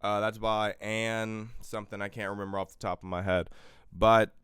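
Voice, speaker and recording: A man hosting a political livestream, tired and exhausted, swinging between quiet weary stretches and loud profane outbursts into a close microphone. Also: lowish voice, level tone, normal speed, clean tone, no echo. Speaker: livestream host. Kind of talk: impassioned political livestream rant.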